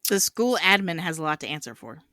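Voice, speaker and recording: A film podcast panelist chats casually about a movie in a bright, clear voice. The delivery is loose and full of fillers, and the recording is close and dry. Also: mid-range voice, sing-song, fast, dry recording. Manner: chatty, filler-heavy.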